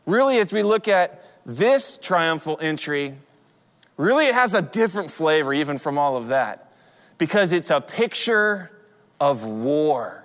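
Man, 40s, pastor, sermon, conversational storytelling, high-pitched, long hall echo. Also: big pitch swings, unhurried, a bit bright. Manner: conversational storytelling with frequent restarts.

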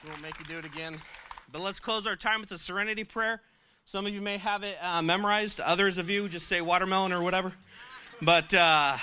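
A man's voice: high-pitched, steady tone, brisk, clean tone. A man leading a faith-based recovery meeting, joking with the crowd, then leading a prayer and giving announcements. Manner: upbeat, joking, loud.

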